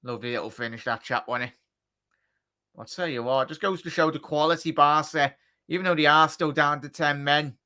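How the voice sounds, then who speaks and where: A man calls the match live for a fan watchalong. His voice is bright and a touch high, with a clean, crisp tone. He chats and cracks jokes between plays, then shouts when a chance comes. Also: a little fast. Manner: excitable, shouts at big chances; chatty, jokey asides. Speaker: watchalong commentator.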